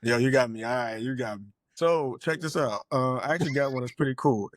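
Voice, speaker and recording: A man's voice: mid-range voice, fairly quick, no echo. Laid-back man teasing his co-host. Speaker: podcast co-host. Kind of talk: casual chat.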